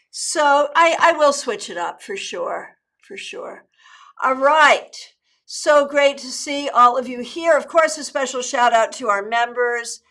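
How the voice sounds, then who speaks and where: Middle-aged woman, live-stream tarot host; bright, forceful voice, chatty and cheerful, restarts sentences. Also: fairly high pitch. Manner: chatty, upbeat, with frequent restarts. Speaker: tarot reader and channel host.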